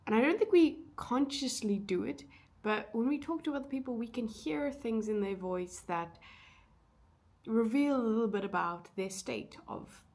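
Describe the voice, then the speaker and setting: A woman's voice: a little high, moderate pace, darkish tone. A young woman vlogging in a casual, chatty way, thinking aloud with fillers and side remarks. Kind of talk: casual vlog chat.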